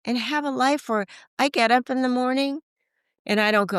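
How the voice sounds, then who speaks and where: Animated woman acting out her own stories. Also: fairly high pitch, normal speed, smooth, no echo, studio quality. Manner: animated, acts out quoted dialogue in voices; frequent filler "like". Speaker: guest. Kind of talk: casual conversational storytelling.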